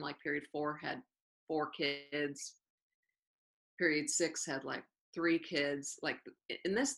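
A woman teacher speaks in a low voice with a gravelly edge and a bright, forceful tone. She tells her stories at length in an interview and slips into quoted dialogue as she goes. She often circles back and repeats her key phrases. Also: rough recording. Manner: lively storyteller who acts out quoted dialogue and repeats phrases. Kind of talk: storytelling in an interview.

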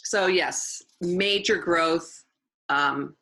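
A woman teacher tells stories in an interview, speaking very slowly at a fairly low pitch. She's a spirited storyteller who acts out what people said and circles back to repeat phrases, though the recording is rough.

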